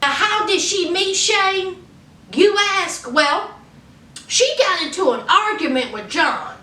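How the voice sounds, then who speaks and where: A woman's voice: very high voice, animated, slow pace, sharp tone. A woman from Virginia recapping a reality show in a sassy, laughing, chatty way. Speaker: vlogger. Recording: echoey room, distant mic, faint noise.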